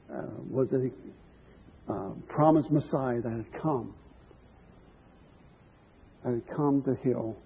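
A man's voice: medium pitch, husky, in a large hall. A man preaching a sermon, earnest and musing, with chuckles and some restarts. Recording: tinny phone-like line.

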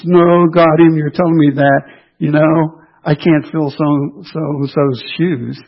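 A man preaching a sermon in a husky, slightly high voice. He drives his points home by repeating key phrases with emphasis. The recording sounds dull and lo-fi.

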